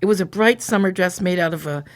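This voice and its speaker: A woman's voice: on the low side, fast. A woman co-hosting a comedy show, reading a diary aloud in a playful, mock-innocent way between bits of banter. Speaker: comedy podcast co-host.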